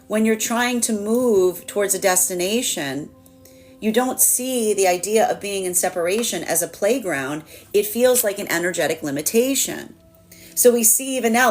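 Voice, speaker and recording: A woman giving a live tarot reading in a chatty, animated way, with lots of fillers and laughter. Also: mid-range voice. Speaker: tarot reader.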